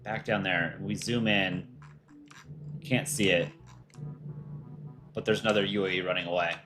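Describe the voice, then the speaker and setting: A man hosting a casual livestream for a cartoon channel, reading viewer questions and thinking aloud in a relaxed, offhand way. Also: low voice, measured pace, music in the background. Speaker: livestream host for a countryball animation channel.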